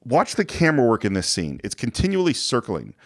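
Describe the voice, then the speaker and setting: A man with a lively, swinging pitch recaps a classic film for his podcast co-host. He talks casually and animatedly, and he keeps slipping into quick character voices as he tells each scene. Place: podcast studio.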